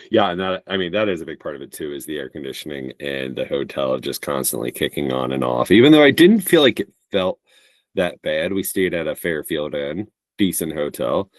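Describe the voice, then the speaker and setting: A man's voice: a bass voice, lively intonation, normal speed, no room sound. A man co-hosting a podcast in playful, rambling casual chat, laughing often. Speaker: podcast co-host.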